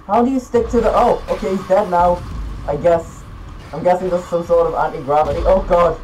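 Teen male gamer, slightly high voice, rants and shouts at his game over a desk mic with faint hiss. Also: brisk, low-quality recording. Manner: excitable, swearing, yelling outbursts. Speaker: gaming YouTuber. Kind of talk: gameplay commentary.

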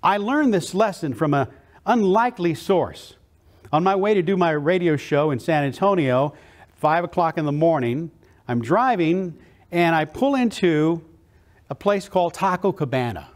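A man giving a motivational keynote, telling a story with animated delivery and slow dramatic pauses on key words. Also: a little high.

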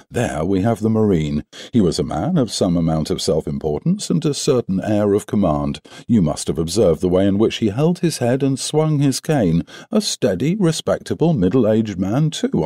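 A man voicing a cool, self-assured male detective in an audiobook, speaking crisply with a lightly mocking edge. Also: fairly low pitch, mellow, no echo, clean studio sound. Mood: explaining. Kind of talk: audiobook character reading.

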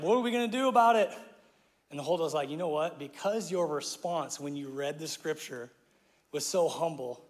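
A male pastor preaching a sermon in a casual, slangy way, acting out the people in his story and laughing often. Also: on the high side. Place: church auditorium. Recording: live hall with long reverb.

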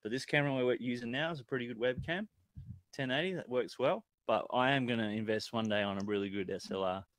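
A man's voice: mid-range voice, quick pace, a bit bright. Aussie guy guesting on a chilli stream, blunt, swears a bunch, dry no-echo sound. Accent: Australian. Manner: blunt, swears freely, laid-back advice. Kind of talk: casual chilli tasting chat.

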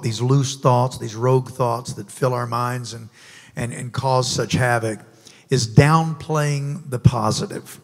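Husky gravelly pastor guy preaching, firing off rhetorical questions, big church echo. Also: mid-range voice. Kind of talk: sermon. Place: church sanctuary.

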